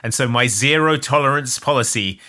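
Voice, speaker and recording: A man's voice: mid-range voice, moderate pace, pushed and bright. A man co-hosting a comedy podcast, recapping a film in casual chat with dry, wry asides. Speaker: podcast co-host.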